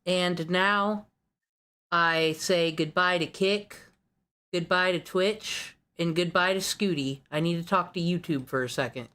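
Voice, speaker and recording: Low-voiced woman streamer, wry and rambling. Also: measured pace, fairly bright tone. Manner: wry, rambling, swears casually. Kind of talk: casual stream chat.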